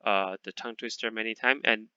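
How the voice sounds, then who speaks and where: A man teaching a lesson to a class in English, patient and repeating words slowly, checking in with "okay?" often. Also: lowish voice, fairly even intonation, sharp tone, clean tone, no echo, highs cut off. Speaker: Chinese teacher.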